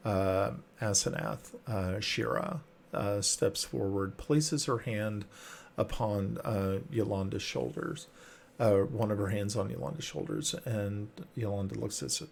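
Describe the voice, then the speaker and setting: A man narrating a tabletop role-playing game as game master, halting with fillers and restarts. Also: fairly low pitch, creaky, slight background noise.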